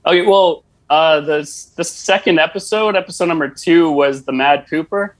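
Man, Canadian accent, slightly higher voice, laid-back, sarcastic, casual storytelling. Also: moderate pace. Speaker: guest podcaster.

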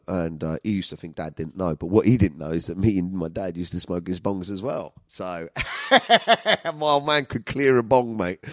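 A man's voice: low voice, darkish tone, no room sound. A man with a London accent telling rambling, profane stories to his viewers in a casual way. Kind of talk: casual storytelling monologue.

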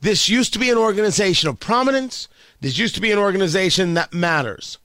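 An emphatic male radio host delivering a sarcastic opinion monologue, his fairly high voice leaping around with lively swings in pitch. The tone is bright and cutting, and the studio sound is dry and close. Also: quick pace, no room sound. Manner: emphatic, sarcastic, repeats phrases for effect.

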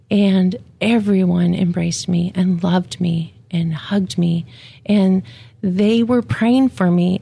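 A woman speaks about her faith in a slow, unhurried devotional talk. Her voice is mellow and dark, with a gravelly edge. She sounds reflective and plain-spoken, pausing on fillers as she goes. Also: medium pitch. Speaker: widow sharing her faith.

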